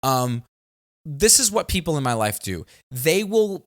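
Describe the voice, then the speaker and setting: A man hosting a casual talk show, his pitch swinging widely as he tells stories. He slips into the voices of friends and family to act out their reactions. The talk stays loose and conversational. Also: measured pace. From New York area. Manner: animated storytelling, acts out family members. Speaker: comedian and podcast host. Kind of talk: casual chat.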